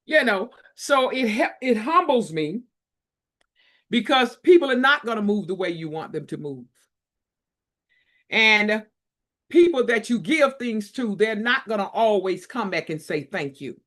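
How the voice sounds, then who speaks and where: A woman's voice: mid-range voice, very animated, measured pace, a bit bright. A woman hosting a book launch, giving an emotional, preachy motivational talk full of repetition. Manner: preachy, repetitive, tearful at times. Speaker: book collaboration host.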